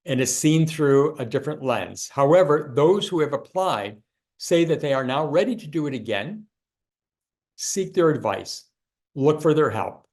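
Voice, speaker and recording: Man giving encouraging opening remarks. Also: mid-range voice. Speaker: advocacy organization speaker introducing a webinar.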